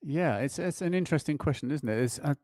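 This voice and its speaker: A man's voice: a little high, lively intonation, fast, darkish tone, no echo, clean studio sound. A man talking animatedly at a concert, with frequent restarts and chuckles. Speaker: performing pianist and guest. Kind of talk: conversational interview on stage. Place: school concert hall.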